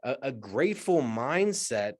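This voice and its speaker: This is a mid-pitched man co-hosting a casual podcast. He sounds reflective and encouraging. His speech is halting, with frequent restarts. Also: big pitch swings. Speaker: podcast co-host. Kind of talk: casual podcast segment wrap-up.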